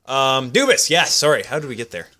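A young man riffing on sports with a fast, bright, forceful delivery. His pitch moves a lot as he jumps from one tangent to the next. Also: very animated. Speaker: podcast co-host. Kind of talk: casual sports chat.

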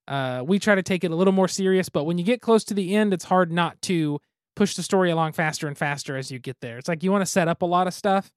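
A man's voice: sits high, no echo, clean studio sound. A man co-hosting a podcast in casual chat, easygoing and self-deprecating, laughing often. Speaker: podcast co-host.

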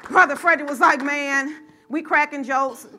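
A middle-aged woman preaching a sermon and telling a personal story, in a lively call-and-response style that rises to shouts. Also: sits high, normal speed, faint music behind, a faint crowd.

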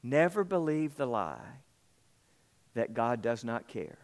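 A man's voice: mid-range voice, big pitch swings, slow, creaky. A man preaching a sermon as pastor, emphatic and repetitive, acting out the people in the story.

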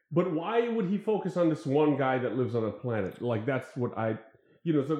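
A man's voice: mid-range voice, lively intonation, brisk, a little mellow, roomy sound. A man in casual chat about films, hesitant, full of restarts, swearing casually.

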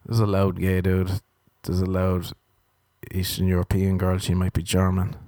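Sardonic Irish man ranting, low voice. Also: completely flat delivery, normal speed, dark tone, dry recording, clean studio sound. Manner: sardonic, profane, self-mocking. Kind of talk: comic rant.

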